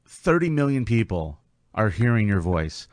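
A male podcast host talks in a fairly low voice into a dry, close mic. He backs up his guest with short replies and speaks straight to the listeners. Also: very animated, normal speed, no echo. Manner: brief affirmations, addresses listeners directly. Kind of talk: casual interview chat.

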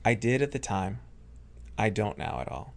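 A man's voice: fairly low pitch, sing-song, normal speed, gravelly. A man, a stage hypnotist, telling stories in a rambling casual chat, full of fillers and acted-out quotes. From raised Catholic. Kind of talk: casual podcast chat, storytelling.

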